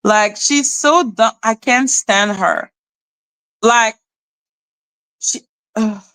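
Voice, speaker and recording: A woman's voice: fairly high pitch, very slow, a bit bright, dry recording, poor audio. A woman doing blunt, exasperated live-stream commentary, ranting and repeating herself.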